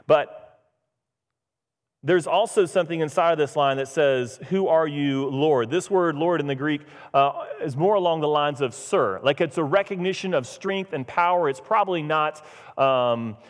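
A man's voice: a little high, normal speed. A man preaching a casual, conversational sermon as pastor, acting out the voices in the scripture he reads. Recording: long church reverb.

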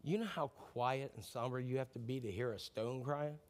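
A middle-aged male pastor preaching a sermon in a lively, conversational, joking way. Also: medium pitch, moderate pace.

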